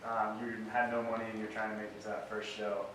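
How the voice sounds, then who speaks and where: A man's voice: fairly low pitch, completely flat delivery, fast talker, background noise. An audience member, a man, asks a hesitant question at a live event. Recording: very echoey hall, voice far off, crowd behind.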